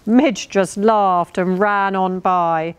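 A woman's voice: mid-range voice, steady tone, takes it slowly, smooth, dry recording. A woman reading a rhyming storybook aloud to young children, lilting and playful, with little voices for the characters. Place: farm, children listening.

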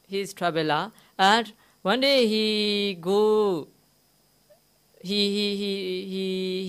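A Buddhist monk with a smooth, high-pitched, fairly bright voice delivers a dharma talk before a live audience in a meditation centre hall. His English is simple and broken; he questions his listeners and recounts a teaching story, returning again and again to key words.

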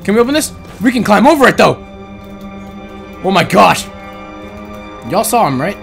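A man giving excitable gameplay commentary, teasing the game's monster, then breaking into yells and shrieks. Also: sits high, moderate pace, creaky, long pauses. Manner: excitable, jumps to yelling and shrieks, teasing chatter. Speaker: gaming channel host. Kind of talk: let's-play gameplay commentary. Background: game music.

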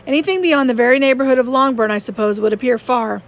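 A woman reading the part of a proud, reserved young gentleman in an audiobook, terse and formal. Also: sits high, quick pace, close to an everyday voice.

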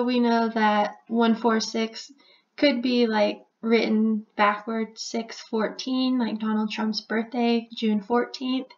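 A woman's voice: a little high, lo-fi sound. A woman casually explaining a number theory in a chatty voice-over. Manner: even, chatty, with frequent "like" and "so". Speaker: video host explaining number codes.

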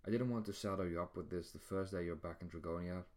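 Man reading as a grave male god, deep voice, measured and calm, storybook reading. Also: lightly acted.

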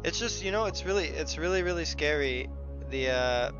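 A young man streaming a video game live, chatting casually and excitedly with viewers and teammates, swearing now and then. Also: fairly high pitch, normal speed, muffled recording, music in the background. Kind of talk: casual live gameplay commentary.

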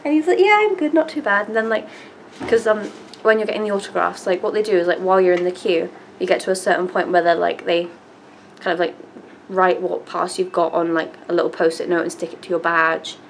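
A woman's voice: on the low side, flat delivery, brisk, creaky, slight background noise, poor audio. A young woman, telling a story casually to camera with lots of fillers and the odd swear. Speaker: vlogger.

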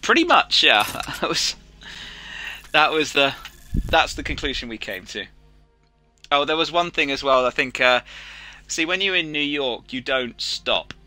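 A man's voice: on the high side, animated, a little slow, pauses often, pushed and bright, soft background music. A British man streaming a game and chatting, telling a long story with lots of restarts and fillers. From Britain. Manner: rambling storyteller with many restarts. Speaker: streamer host. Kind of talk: casual chat while gaming.

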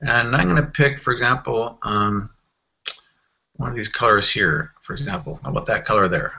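A man walking through a software screen tutorial in a casual, think-aloud way, with fillers and self-corrections. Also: medium pitch, normal speed, vocal fry, dull audio. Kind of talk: screen-recorded software walkthrough.

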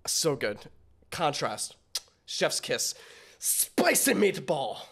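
Guy reacting to a rap song, hyped and swearing, gets choked up and quiet, kinda high voice. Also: very slow, creaky, background noise. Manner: excitable, swearing in awe, drifting to hushed mutters. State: emotional, tearing up. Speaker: reaction video host. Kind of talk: casual music reaction commentary.

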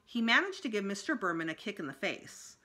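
Expressive woman reading a children's book aloud. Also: mid-range voice, a little fast. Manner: expressive storytelling. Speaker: school librarian.

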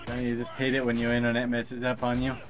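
A man streaming a video game, talking slowly and patiently and chatting softly to his pet duck. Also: medium pitch, completely flat delivery. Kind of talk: casual live game stream chat.

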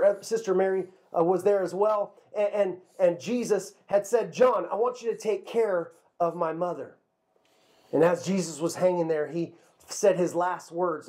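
A man telling a Bible story to children as a kids' pastor, lively and a little halting, often repeating a word before going on. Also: high voice. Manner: lively storyteller, repeats words while talking.

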